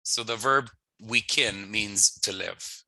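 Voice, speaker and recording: A man teaching an online language lesson, slowly and patiently repeating phrases for his learners, with friendly joking asides. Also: fairly low pitch, sharp tone, dry recording, low-quality recording. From Canada.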